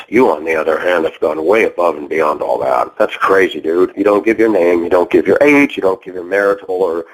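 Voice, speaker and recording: A man's voice: low-pitched, rough recording. A man hosting a call-in show, lecturing and confronting a caller in a heated argument.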